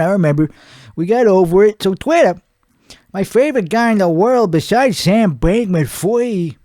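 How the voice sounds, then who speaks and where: A man's voice: high voice, darkish tone, no echo, studio quality. A man playing a crude, boastful podcast host who rambles and laughs at his own jokes. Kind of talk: improvised character comedy monologue.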